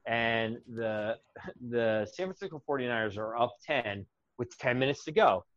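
A man's voice: medium pitch, expressive, normal speed, a bit bright, no room sound. Guy telling a story on a podcast, builds suspense, kinda muffled dry sound. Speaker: podcast co-host. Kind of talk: casual sports chat.

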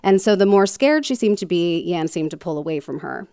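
A woman's voice: fairly low pitch, animated, fairly quick, dark tone, smooth, dry recording. Woman podcast host, chatty true-crime storyteller, filler-heavy and jokey, dry close sound. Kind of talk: casual storytelling chat.

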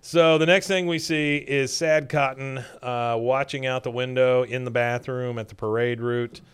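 A man's voice: mid-range voice, steady tone, moderate pace, smooth. Casual man recapping a cartoon episode. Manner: retells scenes, briefly mimicking characters' lines. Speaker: podcast host recapping episodes.

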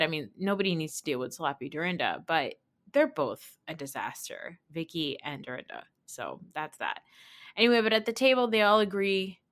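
A woman's voice: fairly low pitch, fairly bright tone. A woman hosting a podcast in casual chat, chatty and sarcastic, often laughing. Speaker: podcast host.

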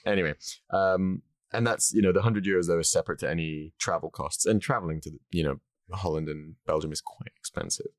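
A man co-hosting a podcast in casual chat, jokey and quick to interrupt himself. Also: deep voice, dry recording, studio quality. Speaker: podcast co-host.

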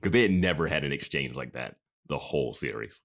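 A man's voice: a bass voice, lively intonation, a little fast, gravelly, fairly bright tone. A man co-hosting a podcast, chatting casually and reacting to the recap with wry remarks and frequent laughter. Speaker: podcast co-host. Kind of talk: casual chat.

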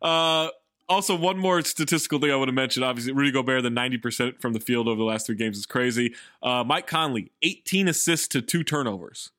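A man co-hosting a sports podcast in casual chat, animated and getting loud when excited. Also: mid-range voice, fast talker, no echo, clean studio sound. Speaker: podcast co-host.

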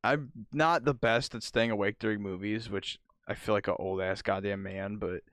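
Young male podcast co-host, low-pitched, casual and crude, dry close sound. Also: fairly even intonation, normal speed, a bit bright, dry recording. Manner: loose, joking, swears often. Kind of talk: casual chat.

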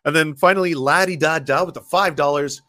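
Playful co-host, man with a bright voice, laughs a lot, dry close recording. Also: fairly high pitch, fairly quick, no echo. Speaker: podcast co-host reading super chats. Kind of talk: casual panel chat.

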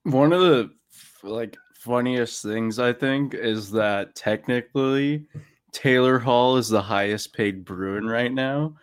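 A young man chats about sports in a loose, profane way. His voice sits at an ordinary middle pitch, and he breaks into laughter mid-story. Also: slow, smooth. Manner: swears freely, laughs while telling stories. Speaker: podcast co-host. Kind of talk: casual sports chat.

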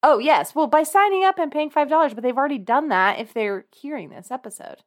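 A giggly woman co-host chatting casually on a podcast. Her pitch swings widely as she jokes and rambles. She sounds relaxed and playful. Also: a little fast. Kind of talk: casual chat.

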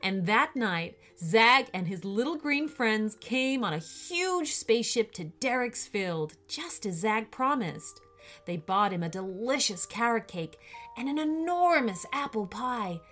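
A woman storyteller reads a children's tale aloud. Her voice is bright and sings up and down, paced slowly, with soft music behind her. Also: a little high. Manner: slow, expressive reading.

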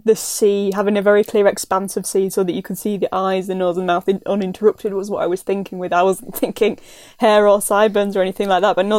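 A woman's voice: medium pitch, darkish tone, dry recording. Young woman guest from England, level tone, dry recording. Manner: tells a story with small laughs. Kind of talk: casual chat.

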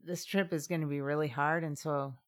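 A woman's voice: deep voice, steady tone, fairly quick. A woman from Southeast Alaska, co-hosting a casual chat podcast, talking chattily and laughing often. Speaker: podcast co-host.

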